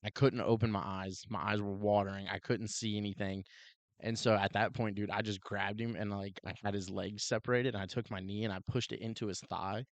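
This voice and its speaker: Lowish-voiced man telling a story casually. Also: brisk, dry recording. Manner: animated, heavy use of "like" and "dude", acts out quotes. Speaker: podcast co-host, police officer.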